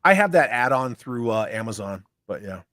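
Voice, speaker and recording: A man's voice: medium pitch, sing-song, moderate pace, bright, forceful tone, dry recording, studio quality. Laid-back, profane man chatting on a livestream. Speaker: co-host reading chat comments. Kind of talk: casual livestream chat.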